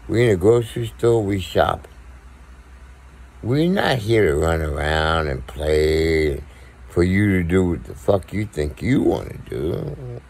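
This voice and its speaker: Deep gravelly man, blunt and profane. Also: animated, slow, darkish tone. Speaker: podcast co-host. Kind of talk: casual monologue to viewers.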